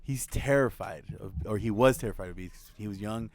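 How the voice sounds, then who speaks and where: A young man co-hosting a casual chat, telling a family story in a lively way, laughing, swearing and acting out the quotes. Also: lowish voice, fairly quick. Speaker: podcast co-host.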